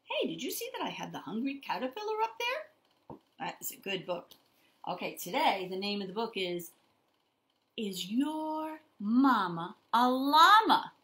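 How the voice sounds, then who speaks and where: An older woman leading a toddler story time, talking straight to small children in an animated, sing-song way. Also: medium pitch, normal speed. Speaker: children's librarian.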